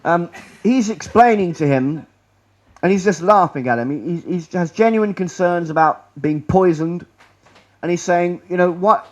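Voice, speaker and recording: The recording is muffled, and the man speaking has a high-pitched voice at normal speed. He rambles sarcastically through a presentation to an audience in a lecture room, repeatedly restarting what he says.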